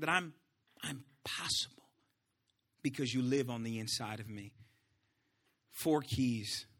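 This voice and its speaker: A male pastor preaching a sermon in an animated way, swinging between shouts and hushed asides. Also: high-pitched.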